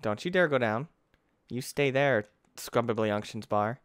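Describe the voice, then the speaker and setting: A young man from the United States doing let's play commentary on a close mic. His voice is smooth and resonant, recorded dry with no room sound. He talks to the game as he plays, gets easily frustrated and breaks into yells. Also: mid-range voice, normal speed, no echo. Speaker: gaming YouTuber.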